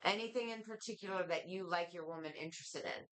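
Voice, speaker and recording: A woman co-hosting a live podcast taped in a bar, with a slightly low voice. She asks her guest probing, direct questions. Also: quick pace, fairly bright tone. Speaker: co-host.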